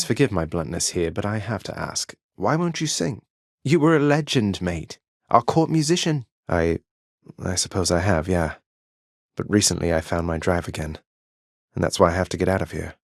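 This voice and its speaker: Brief: a young underworld prince for a game, earnest and wryly teasing, very low voice, bone-dry studio sound. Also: male voice, dry recording. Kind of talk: video game voice acting. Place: studio booth.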